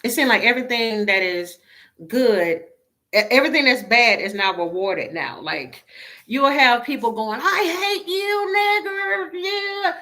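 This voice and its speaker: A woman's voice: mid-range voice, lively intonation, normal speed, pushed and bright. A woman talking casually to her viewers as a tarot reader, sounding weary, exasperated and emotionally drained, blunt and swearing now and then.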